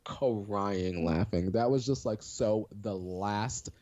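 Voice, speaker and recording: A woman co-hosting a casual chat, telling stories in an animated, profane way. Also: extremely low pitch, slow pace, highs cut off. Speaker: podcast co-host.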